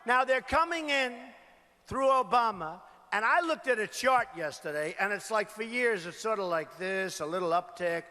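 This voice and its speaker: At a large indoor rally, a political candidate speaks at a moderate pace in a high-pitched, pushed, bright voice with lively intonation. Emphatic and repetitive, he keeps calling out to the audience, and the reverberant arena carries a steady crowd murmur.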